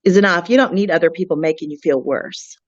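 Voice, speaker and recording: A woman speaking earnestly in an interview, with frequent restarts and a halting delivery. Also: lowish voice, no room sound, muffled recording. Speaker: guest, friend of a missing woman. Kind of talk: emotional interview talk.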